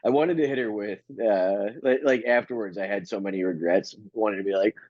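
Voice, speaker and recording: A man's voice: on the low side, a little fast, dry recording, muffled recording. A man hosting a comedy podcast, telling stories casually with rambling, stammering restarts and swearing.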